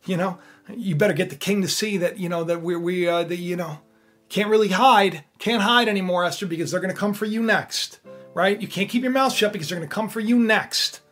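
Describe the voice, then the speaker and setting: A preacher retells a scripture story with lively energy and frequent asides to the listeners. The voice is husky. Soft music plays faintly underneath. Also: mid-range voice, brisk.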